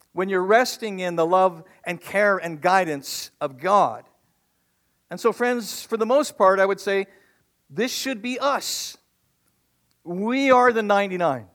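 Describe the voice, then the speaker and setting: High-voiced man preaching a lively sermon. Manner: animated, call-and-response questions to the congregation. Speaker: pastor.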